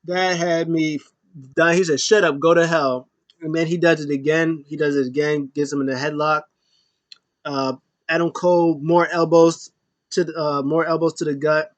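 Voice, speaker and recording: Dude recapping a wrestling match all hyped up, kinda high voice, dry close mic. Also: male voice, moderate pace, no room sound, highs cut off. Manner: excitable, acts out wrestlers' lines in raised voices. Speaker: wrestling show reviewer. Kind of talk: casual play-by-play recap.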